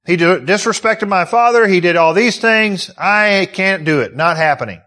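A man's voice: sits high, lively intonation, moderate pace, bright, forceful tone. A man voicing a resentful older brother who stubbornly refuses to join a celebration. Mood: indignant.

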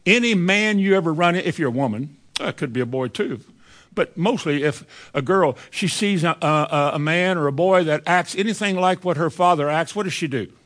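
A man's voice: a little high, a little fast, a bit bright. A man preaching a sermon in a plainspoken way, often acting out bitter people's words. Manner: plainspoken, acts out bitter voices in quotes.

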